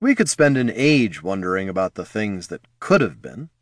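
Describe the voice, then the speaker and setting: A man voicing a calm, detached male wizard who speaks in a level, matter-of-fact way. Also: on the low side, normal speed, dry recording, studio quality.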